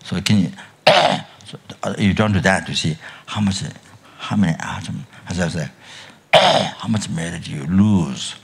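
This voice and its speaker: With a low-pitched, slightly bright voice and lively intonation, an older Buddhist teacher delivers a dharma talk at a retreat. His speech halts, restarts, and trails off, broken by frequent coughing and throat clearing.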